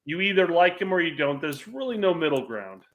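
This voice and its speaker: A man's voice: a little high, sing-song, fairly quick, fairly bright tone. A man hosting a casual soccer podcast, easygoing and laughing often, with lots of fillers. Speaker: podcast host.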